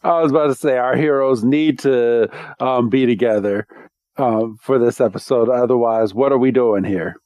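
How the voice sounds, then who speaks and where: A man's voice: mid-range voice, normal speed, darkish tone, no room sound. A man co-hosting a podcast, recapping an episode in casual chat, rambling and laughing as he slips into voices. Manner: rambling, laughs often, breaks into character voices.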